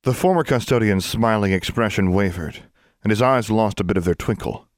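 In scripted narration of a fantasy audiobook, a man with a voice on the low side keeps his storytelling measured and even. The studio-quality audio carries no room sound.

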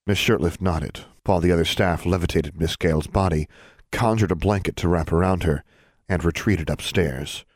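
Deep, husky male audiobook narrator. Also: normal speed, no echo, clean studio sound. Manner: even, steady storytelling. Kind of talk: scripted narration.

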